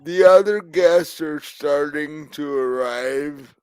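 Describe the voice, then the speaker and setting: A man narrating as game master, slow and hesitant with frequent laughs. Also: fairly high pitch, a little mellow, smooth, no room sound.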